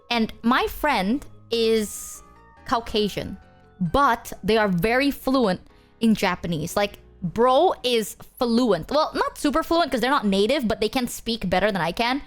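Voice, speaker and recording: A young woman streamer telling stories to her chat in a casual, animated way, acting out exchanges with bursts of Japanese. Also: a little high, moderate pace, faint music behind. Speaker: VTuber streamer.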